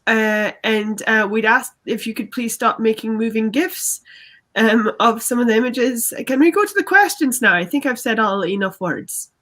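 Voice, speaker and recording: A woman's voice: a little high, fairly bright tone, close to an everyday voice. A woman playing a flustered company boss. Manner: nervous, halting and stammering. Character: flustered woman CEO at a press conference. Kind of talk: improvised comedy.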